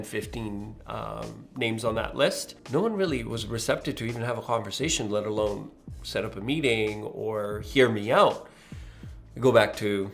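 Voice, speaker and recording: A young adult man, a mortgage specialist, telling an earnest, animated story about his own start. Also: fairly low pitch, vocal fry. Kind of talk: reflective storytelling monologue.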